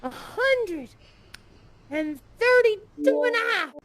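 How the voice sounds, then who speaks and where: A woman's voice: very high-pitched, big pitch swings, slow pace. A woman improvising a playful, theatrical story for friends in a virtual game. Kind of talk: improvised puppet-show storytelling.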